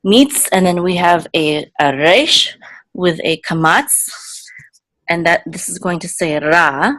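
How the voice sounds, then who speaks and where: A woman with a low, settled voice walks through a lesson at an unhurried pace, spelling out letters and repeating each word patiently. The sound is dry and close, with no room around it. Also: a bit bright, no echo. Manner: patient, repeats words slowly, frequent okays and ums. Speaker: Hebrew teacher. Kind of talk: slow spoken lesson, spelling out letters and vowels.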